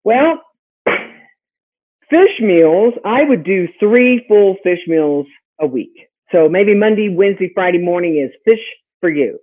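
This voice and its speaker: A woman hosting a webinar as a pet health consultant, teaching in a lively, chatty way full of rhetorical questions. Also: medium pitch, takes it slowly, slight background noise. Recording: tinny phone-like audio.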